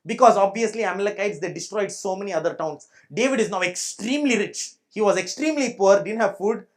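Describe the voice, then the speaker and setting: Emphatic pastor with Indian English accent. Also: male voice, high-pitched, fairly quick. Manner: emphatic, repeats points and checks the audience understands. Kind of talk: preaching a sermon. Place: church.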